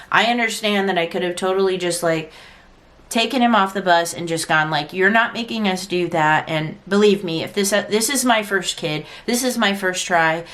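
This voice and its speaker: A woman's voice: a little high, fairly bright tone. Chatty young woman telling a story. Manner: chatty, frank, acts out quoted lines with frequent "like". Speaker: vlogger and parent. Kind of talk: casual storytime vlog.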